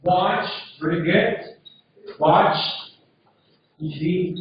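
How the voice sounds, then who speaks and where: A high-voiced man with as his leads a classroom lesson, taking it slowly and checking with the class. He is heard from across a very echoey room on a dull, lo-fi recording. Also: animated, far from the mic, a little hiss or hum. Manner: drills pronunciation, checks with frequent "okay?". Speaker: English teacher.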